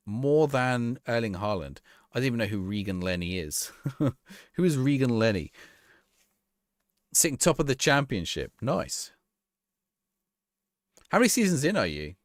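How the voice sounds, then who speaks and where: Young man, live game streamer, lively pitch, dry close sound, rambling chat. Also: unhurried, long pauses, dry recording. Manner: chatty, rambling, laughs easily. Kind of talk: casual gameplay commentary, reading chat.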